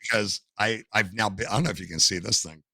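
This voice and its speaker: Animated older man, gravelly storyteller. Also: on the low side, quick pace, no room sound. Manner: animated storyteller, acts out quotes. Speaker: podcast guest, gamer and streamer. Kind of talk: casual storytelling interview.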